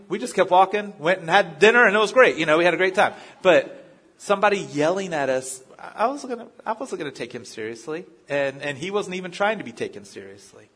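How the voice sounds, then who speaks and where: Husky-voiced male pastor preaching. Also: on the high side, fairly bright tone. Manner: conversational, story-driven preaching with frequent restarts. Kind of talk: sermon.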